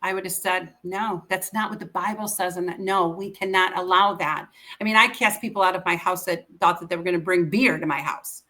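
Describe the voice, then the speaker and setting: Middle-aged woman guest, bright voice, heartfelt and earnest, retells conversations. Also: on the low side, fairly even intonation, brisk, few pauses. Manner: earnest, emotional, quotes others in conversation. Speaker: interview guest. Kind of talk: personal storytelling.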